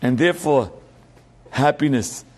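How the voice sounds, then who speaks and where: A middle-aged man giving a Torah class as a rabbi, telling a story with loud emphatic peaks and quiet asides. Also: mid-range voice, measured pace.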